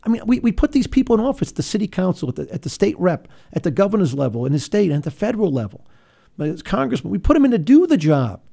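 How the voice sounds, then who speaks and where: A man's voice: high voice, sing-song, fast, gravelly, dark tone. A man hosting a political talk radio show who speaks in an earnest, restless way and repeats words when he pushes a point. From Rhode Island.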